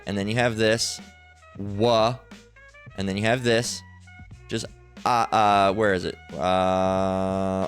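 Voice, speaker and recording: He has a fairly low, fairly bright voice with a clean tone. Teaching the Bible informally over screen share, this religious teacher is hesitant, leans on fillers, and keeps checking in with "all right?".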